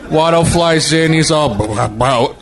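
A man's voice: a little high, measured pace. A man doing a giggling comedy impression of an older filmmaker, rambling and breaking character on a noisy podcast. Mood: giggly rambling.

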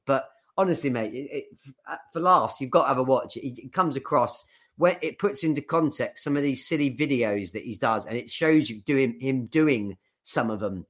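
A man's voice: mid-range voice, animated, moderate pace. A young man co-hosting a podcast, chatting loosely with lots of swearing and restarts. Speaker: podcast co-host. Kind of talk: casual chat.

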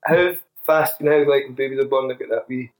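A man in a casual podcast chat, asking halting, teasing questions. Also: mid-range voice.

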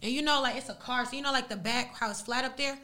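Speaking fast in a high-pitched voice, a young woman whose native language is Arabic appears as a podcast guest. She retells a story casually, with animated delivery and plenty of slang.

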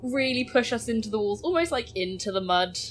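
A woman's voice: on the high side, lively intonation, fairly quick, soft background music. A woman player in a tabletop game, talking casually with lots of "like" fillers. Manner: chatty, filler-heavy.

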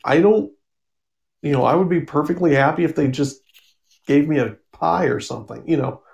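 A man's voice: fairly high pitch, moderate pace, gravelly, darkish tone. A man voicing a lazy, easygoing male dragon in a casual, offhand way while retelling a comic.

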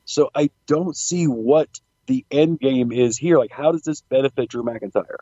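A man's voice: medium pitch, normal speed, warm tone, no echo. A man co-hosting a wrestling podcast, speaking in a casual, sarcastic way and acting out imagined back-and-forth dialogue. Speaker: podcast co-host. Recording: dull, dry lo-fi mic.

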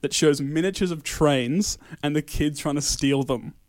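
A man's voice: fairly high pitch, moderate pace, no room sound. A man co-hosting a casual podcast, reading through a list with lots of laughing and stumbling over names. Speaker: podcast co-host presenting the year.

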